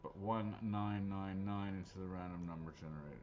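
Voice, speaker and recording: A man's voice: low voice, steady tone, brisk, phone-quality sound, a little hiss or hum. A man hosting live raffle draws, chatting casually and joking, swearing freely as he goes. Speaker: raffle host. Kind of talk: live-stream raffle draw chat.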